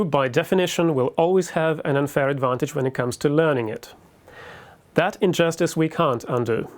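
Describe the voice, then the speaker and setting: Man lecturing in a learned British accent. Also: on the high side. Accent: British English, learned. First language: Russian. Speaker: university lecturer. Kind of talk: scripted lecture.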